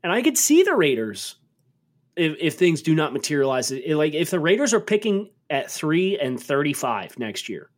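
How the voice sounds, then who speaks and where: A man co-hosting a football podcast, talking through draft takes in a measured, analytical way. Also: a little high, very animated. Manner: measured analysis, turns incredulous and emphatic when joking. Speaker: podcast co-host. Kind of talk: casual sports podcast chat.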